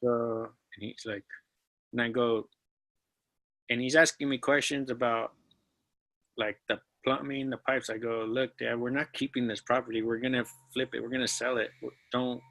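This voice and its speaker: Gravelly, flat-voiced man recounting his story. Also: medium pitch, normal speed, poor audio. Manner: hesitant, restarts often, modest. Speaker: guest, real estate student. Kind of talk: casual interview chat.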